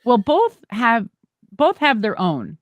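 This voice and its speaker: A middle-aged woman, a former wrestler and monster truck driver, telling stories in an animated, exclamatory way as an interview guest. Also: a little high, slow, dry recording, studio quality. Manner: animated, exclamatory, acts out quoted dialogue. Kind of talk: casual storytelling interview.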